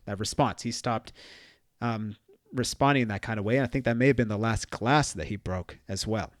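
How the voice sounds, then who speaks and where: A man's voice: mid-range voice, no room sound, studio quality. A man in his thirties hosting a solo podcast, telling parenting stories in a conversational way and acting out bits of dialogue. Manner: conversational storytelling with quoted dialogue. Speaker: podcast host.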